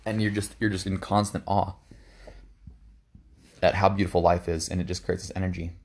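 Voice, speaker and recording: A young man with a very low, gravelly voice talks through his thoughts in an earnest, reflective podcast monologue. He circles back on himself, repeating words and starting over as he goes. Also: little pitch movement, fairly quick. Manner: earnest, repeats and restarts words, trails off often. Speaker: podcast host.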